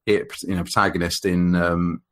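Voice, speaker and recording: Sitting low with a fairly bright tone, this man speaks at a moderate pace with flat delivery. He co-hosts a podcast and meanders through a casual review of an old monster movie, full of fillers, restarts, and frequent laughter.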